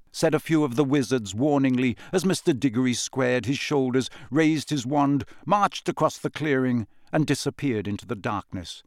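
A man narrating a fantasy storybook in a dramatic, expressive reading. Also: mid-range voice, normal speed, few pauses, no room sound, studio quality. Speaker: audiobook narrator.

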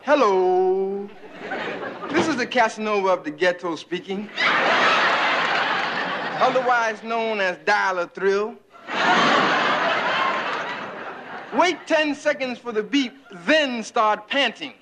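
A brash, boastful teen joker. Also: male voice, high-pitched, takes it slowly, over a noisy crowd. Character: brash skinny teenage boy, boastful joker. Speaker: teenage son in a sitcom family. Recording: noisy old television recording.

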